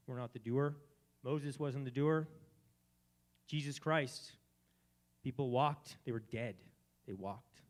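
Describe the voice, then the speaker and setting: A man hosts a live community gathering. He gives a spiritual talk in a preachy manner that moves between quiet reflection and emphatic, fervent declarations. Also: medium pitch. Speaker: event host.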